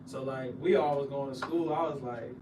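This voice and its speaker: A man's voice: mid-range voice, normal speed. A young man, a former college football player, telling stories animatedly in slang on a casual podcast. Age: young adult. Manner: animated slang storytelling, rises loud when excited. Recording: echoey room, mic at a distance, noise behind.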